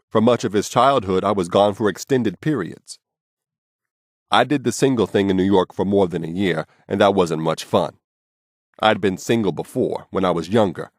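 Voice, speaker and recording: Low-voiced man reading his blunt memoir. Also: no echo, studio quality. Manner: blunt, casual and profane storytelling. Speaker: memoir narrator. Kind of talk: audiobook memoir narration.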